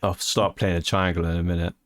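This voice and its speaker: A man's voice: deep voice, flat delivery, fairly quick, fairly bright tone, dry recording. A man playing in a tabletop game over a voice call, laughing easily and quipping between checks. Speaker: player. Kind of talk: casual tabletop game chat. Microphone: home microphone on a voice call.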